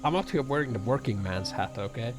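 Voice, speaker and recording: Streaming from his apartment with music playing behind him, a man reacts to viewer comments in sarcastic, profane, rambling chat packed with fillers. His mid-range voice is brisk, with lively intonation.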